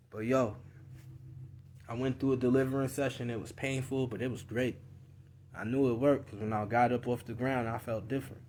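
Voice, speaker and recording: A man's voice: mid-range voice, a little hiss or hum. A young man telling a personal story in a live video, in slangy casual speech, acting out his relatives' voices. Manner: animated storyteller, acts out family voices.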